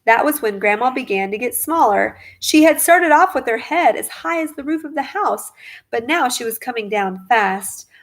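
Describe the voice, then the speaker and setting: A woman narrating a children's storybook aloud in an expressive, lively way. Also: a little high, moderate pace.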